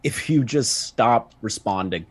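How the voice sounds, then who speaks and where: A man's voice: medium pitch, lively intonation, measured pace, husky, no echo. A man, a panelist in a heated online interview, who gives firm, direct advice. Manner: firm, advising.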